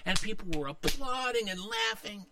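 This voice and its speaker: A man telling a childhood story, animated and acting out the voices of the people in it. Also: high-pitched, moderate pace, dry recording, recorded from a distance. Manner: animated, acts out voices of others.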